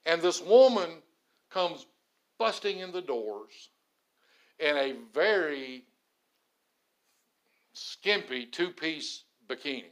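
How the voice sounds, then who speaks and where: A man's voice: fairly high pitch, animated, slow, pauses often. A middle-aged man preaching a sermon, telling stories earnestly and landing points with emphasis. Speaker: pastor. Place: church sanctuary. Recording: roomy church echo.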